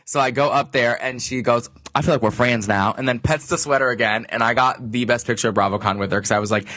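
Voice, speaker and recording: A young man co-hosting a podcast, telling animated stories with quoted voices and casual swearing. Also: medium pitch, quick pace. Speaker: podcast co-host. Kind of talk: casual chat.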